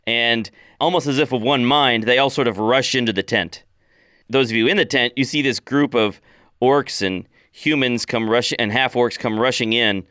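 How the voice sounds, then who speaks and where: A man running a tabletop role-playing game, narrating in an easygoing, descriptive way. His voice is bright and crisp, recorded close and dry. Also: medium pitch, dry recording. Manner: relaxed, descriptive narration with fillers. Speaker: game master.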